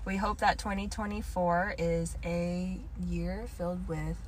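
A young woman in her twenties co-hosting a podcast, chatty and quick to laugh in casual conversation. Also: on the low side, flat delivery, a little hiss or hum. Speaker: podcast co-host. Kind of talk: casual chat.

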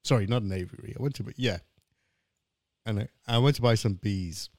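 A man's voice: fairly low pitch, fairly quick, darkish tone, no echo. A middle-aged man hosting a podcast, joking around and telling dad jokes in casual banter. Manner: jokey, tells dad jokes with voiced punchlines. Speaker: podcast host.

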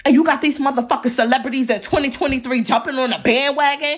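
A young woman hosts a podcast, her high-pitched voice moving at a quick clip with few pauses. She rants angrily, heated, profane and confrontational, and keeps firing off rhetorical questions.

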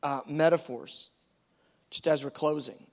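Man, high voice, preacher, teaching sermon, animated, conversational. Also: measured pace, vocal fry. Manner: animated, acts out quotes, conversational.

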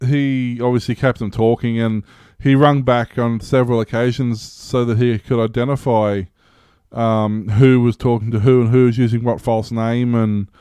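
A man's voice: mid-range voice, level tone, normal speed, warm tone, smooth, dry recording. A man in casual chat, explaining things in a loose, rambling way.

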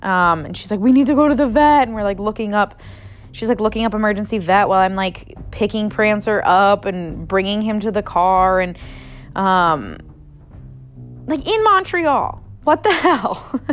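A woman's voice: medium pitch, unhurried, fairly bright tone. Young adult woman, casual podcast storyteller, filler-heavy and unfiltered, faint music bed. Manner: chatty, heavy use of "like", swears freely.

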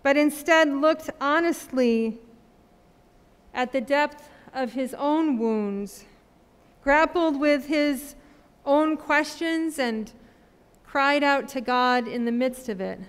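A woman pastor preaching a sermon in a slow, measured way with long pauses. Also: high voice, big-room sound. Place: church sanctuary.

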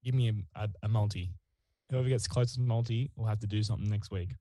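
A man's voice: lowish voice, fairly even intonation, fast, warm tone, no room sound, low-quality recording. An Australian man co-hosting a podcast, joking and teasing his mate in casual banter. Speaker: podcast co-host. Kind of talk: casual chat.

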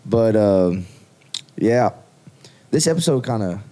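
A man's voice: on the low side, lively intonation, takes it slowly, dark tone. A man co-hosting a podcast in casual, rambling chat, swearing freely. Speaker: podcast co-host.

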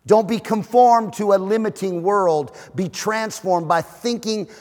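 A man preaching a sermon as pastor, emphatic and joking, with shouted peaks. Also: sits high, measured pace. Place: church auditorium. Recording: reverberant hall.

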